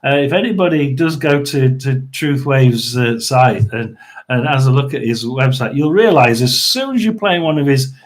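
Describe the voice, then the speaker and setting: A man hosting a tarot and paranormal live stream, chatting casually, rambling with lots of restarts and throat-clearing. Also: medium pitch, moderate pace. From United Kingdom.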